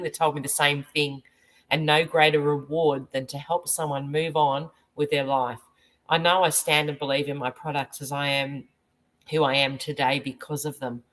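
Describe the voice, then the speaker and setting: A woman's voice: sits low, rough recording. An Australian woman hosting a casual chat as a medium, reading viewer comments aloud and laughing often. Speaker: medium and host.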